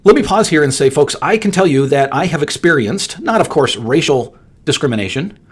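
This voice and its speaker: Husky earnest male podcast host. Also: a little high, expressive, fairly quick. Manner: earnest, emphatic, repeats words for stress. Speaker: podcast host and appraiser coach. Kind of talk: solo podcast monologue.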